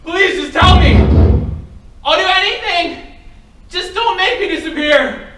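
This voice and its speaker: A woman's voice: high-pitched, moderate pace, lightly acted. A young actress playing an earnest, anxious girl detective on a college theater stage, pleading and spiraling into frantic apologies. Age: young adult. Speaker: stage actor. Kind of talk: live stage drama. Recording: dull, echoey stage audio from far off. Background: loud music.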